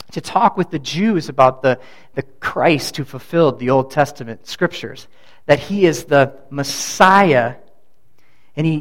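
A middle-aged man preaching a sermon as pastor, in a conversational way, turning aside to speak to people in the congregation. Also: fairly high pitch. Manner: conversational preaching, addresses congregation members by name.

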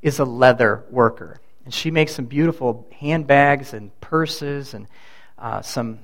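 A man's voice: mid-range voice, a little slow. A middle-aged man preaching a sermon as pastor, in a conversational way, turning aside to speak to people in the congregation. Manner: conversational preaching, addresses congregation members by name.

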